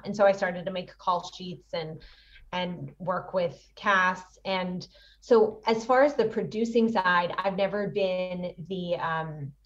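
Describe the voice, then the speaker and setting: Chatty woman on dull, distant audio. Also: lowish voice. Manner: animated, chatty, laughs often. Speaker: guest, actress and producer. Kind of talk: casual interview chat.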